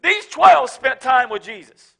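High-voiced, bright preaching pastor. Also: male voice, expressive, a little slow, creaky, husky. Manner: preaching with rising shouted emphasis, then folksy asides; casual, joking, speaks of his wife. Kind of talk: sermon.

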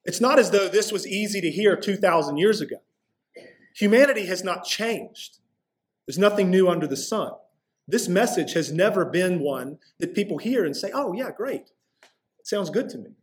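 A man delivers a sermon from the pulpit, his voice sitting high for a man. He keeps it conversational and plainspoken, then drags out the key lines slowly for weight. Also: lively intonation. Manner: conversational preaching, slows for emphasis. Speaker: pastor.

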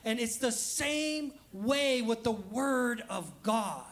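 A high-pitched man preaches in a chatty, animated way. He slips into playful quoted voices and jokes at his own expense. He is a pastor speaking to his church. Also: takes it slowly. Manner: conversational, acts out quoted voices, laughs at himself. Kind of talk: lively sermon. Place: church sanctuary.

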